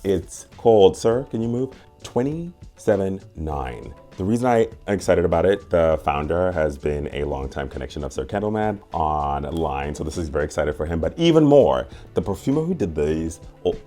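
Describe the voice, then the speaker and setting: A man hosting a casual unboxing vlog, playful and gushing, with sudden high squeals. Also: expressive, normal speed, mellow, faint music behind. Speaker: candle and perfume reviewer.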